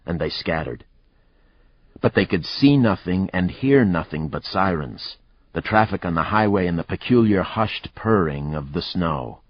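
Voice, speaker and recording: A man narrating a thriller audiobook in a measured, even storytelling manner. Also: low-pitched, no room sound. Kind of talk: scripted narration. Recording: dry, slightly muffled recording.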